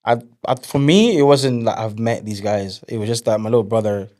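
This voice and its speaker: A young man with a lowish voice talks briskly as an interview guest in casual chat. He tells stories animatedly, acting out the quotes of other people.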